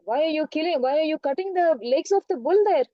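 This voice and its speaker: A woman's voice: sits high, expressive, fairly quick, no echo, dull audio. A woman voicing an angry, righteous king who fires indignant questions at a wrongdoer.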